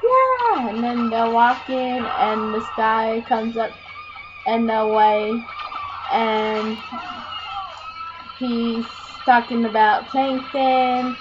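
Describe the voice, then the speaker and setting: A woman's voice: fairly high pitch, flat delivery, extremely slow, pauses often, background noise. A woman casually retelling a film plot, rambling along with "and then" and frequent ums. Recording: dull lo-fi home recording with music behind. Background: music playing clearly.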